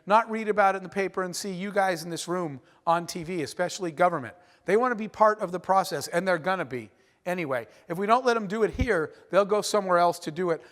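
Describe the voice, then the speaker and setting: Animated man speaking in a reverberant hall. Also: high-pitched. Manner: animated, conversational, frequent "right?" asides. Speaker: keynote speaker. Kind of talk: storytelling keynote speech. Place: large conference hall.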